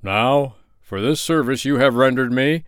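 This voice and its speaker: A man reading the part of a mighty, gold-loving bear lord who speaks out loudly in gratitude. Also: medium pitch, a little slow, clear, resonant tone, no room sound, studio quality, pitched above the performer's own voice, close to an everyday voice. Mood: grateful.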